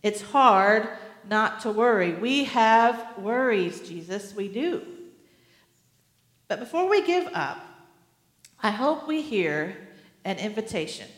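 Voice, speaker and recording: A woman's voice: medium pitch, sing-song, takes it slowly, long pauses. Woman preaching in an echoey hall. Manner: earnest, with gentle humor. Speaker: pastor. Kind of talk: sermon.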